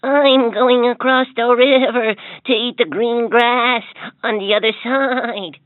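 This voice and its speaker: Man doing a high little billy goat. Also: fairly even intonation, slow, faint music behind. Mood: eager. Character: small, young male billy goat, eager. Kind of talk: storybook character voice. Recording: tinny lo-fi toy speaker, dry.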